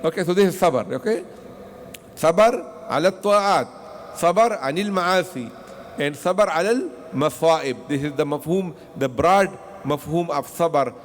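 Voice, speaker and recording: High-voiced man teaching a mosque lesson. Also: expressive, measured pace, long reverb tail, slight background noise. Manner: asks the class questions and answers them himself; repeats himself and restarts often. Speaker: Quran teacher.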